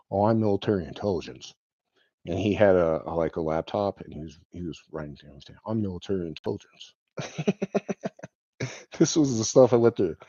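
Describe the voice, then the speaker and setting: A man with a fairly low, dark-toned voice vlogs a rambling personal anecdote, heavy on "um" and "like," with the odd chuckle. There's no room sound; the audio is dry, dull, and lo-fi.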